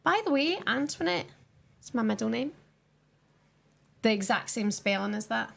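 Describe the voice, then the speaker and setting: A woman's voice: on the high side, expressive, moderate pace, vocal fry. A young woman chatting casually with her viewers on a live stream while she watches a football match and answers their comments.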